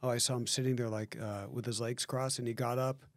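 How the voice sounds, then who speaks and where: A man in a casual podcast chat, telling animated lifeguard stories and laughing through them. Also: medium pitch, fairly quick.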